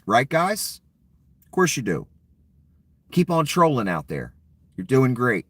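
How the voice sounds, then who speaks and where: A man's voice: mid-range voice, huge pitch swings, slow, fairly bright tone, slightly rough, no room sound. A middle-aged man delivering an angry political rant to his viewers, sarcastic and mocking, swearing freely. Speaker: political commentary vlogger.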